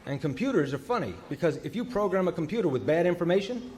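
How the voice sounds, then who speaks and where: Halting storyteller man at a recovery meeting. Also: high-pitched, animated, darkish tone. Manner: storytelling, halting with many fillers. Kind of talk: personal recovery talk.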